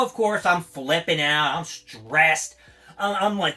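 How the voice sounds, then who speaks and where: A man ranting casually as a vlogger, excitable, swearing freely and adding little sound effects as he goes. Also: a little high, normal speed, faint music behind. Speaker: collectibles vlogger. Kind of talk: casual rambling monologue.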